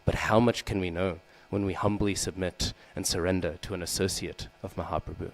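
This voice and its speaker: Male class speaker, deep-pitched, preaching in a temple hall with light electrical hum behind. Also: fairly even intonation, fairly quick, gravelly. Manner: frequent "hmm?" and "right?" checks with listeners; acts out quoted lines with raised voice. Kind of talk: scripture class sermon. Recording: low mains hum behind.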